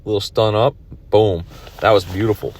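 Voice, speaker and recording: A man's voice: lowish voice, fairly even intonation, moderate pace, a little mellow, a little hiss or hum. A tired man commenting on his own pool match from his car, rambling and self-critical. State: tired, yawning. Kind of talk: casual video commentary.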